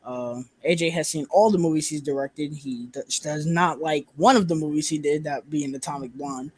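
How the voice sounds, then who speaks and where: A man's voice: a little high, steady tone, moderate pace, husky. A young man hosting a casual movie review chat, talking loosely with fillers and swearing.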